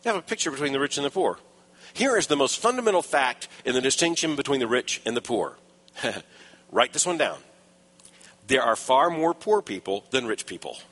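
A man preaching an expository sermon in an emphatic way, rising for stressed points and dropping low for asides. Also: sing-song, normal speed, fairly bright tone. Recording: long reverb of a large hall.

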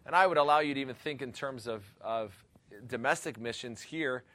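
A man's voice: medium pitch, fairly quick, sharp tone, dry recording. A male pastor giving an earnest, rambling teaching talk on missions, often laughing and exclaiming.

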